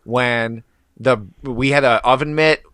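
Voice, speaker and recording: Bright lively podcast dude, joking about himself, dry close sound. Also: male voice, medium pitch, measured pace, clear, resonant tone, no echo. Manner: animated, self-mocking, lots of "you know". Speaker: podcast co-host. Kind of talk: casual podcast chat.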